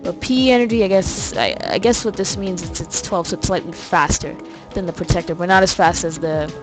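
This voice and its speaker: A woman's voice: lowish voice, animated, fairly quick, over music, rough recording. A young woman from New York with a New York accent, rambling through casual let's play commentary in a chatty, self-deprecating way.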